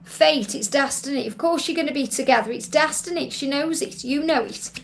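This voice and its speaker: A woman's voice: high-pitched, a little fast, creaky, a little hiss or hum. A woman hosting a live Q&A as a psychic reader, soothing and reassuring, repeating key phrases and often checking in with "okay?". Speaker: psychic reader answering viewer questions. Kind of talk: live-stream Q&A card reading.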